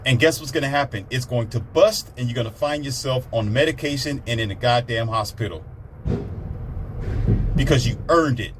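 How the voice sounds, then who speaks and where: A motivational speaker with a mid-range voice delivers a blunt, preachy monologue at normal speed, repeating himself to drive his points home. There is slight background noise.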